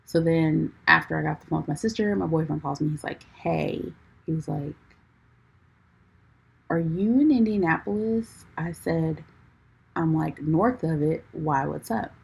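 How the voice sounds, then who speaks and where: A woman's voice: deep voice, fairly even intonation, normal speed, vocal fry, breathy edge, poor audio. A young adult woman hosting a podcast, telling a story in a chatty way, full of "like" and calling listeners "y'all", laughing as she goes. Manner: laughs through her own story. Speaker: podcast host. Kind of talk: casual storytelling chat.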